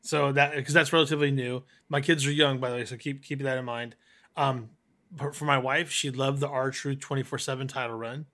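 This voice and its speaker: A man's voice: medium pitch, fairly even intonation, brisk, a bit bright. A man co-hosting a podcast in casual chat, friendly and chatty, stopping and restarting his sentences. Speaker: podcast co-host.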